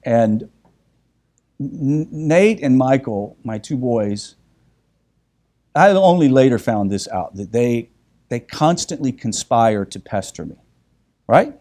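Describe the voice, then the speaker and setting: A middle-aged man teaching a group, telling a personal family story with animated retellings and many restarts. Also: medium pitch, slow pace, long pauses. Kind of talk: storytelling talk.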